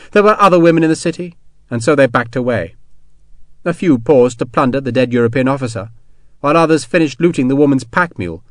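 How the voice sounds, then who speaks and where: A man narrating an adventure novel in a steady, measured storytelling voice. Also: mid-range voice, dry recording, clean studio sound. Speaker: audiobook narrator. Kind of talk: scripted narration.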